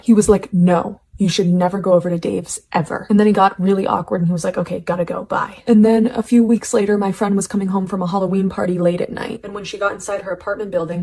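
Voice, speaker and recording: Husky, gravelly woman narrating a creepy storytime, dark tone. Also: mid-range voice. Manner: steady, drops to a hush for tension.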